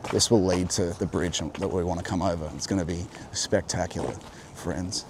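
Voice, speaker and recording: A man's voice: sits low, fairly even intonation, normal speed, noisy background. A man with a General Australian accent, musing aloud to viewers on a walking vlog outdoors, rambling and reflective as he navigates. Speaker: vlogger. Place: outdoors on a walk near a road, with an umbrella in the rain. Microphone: handheld camera.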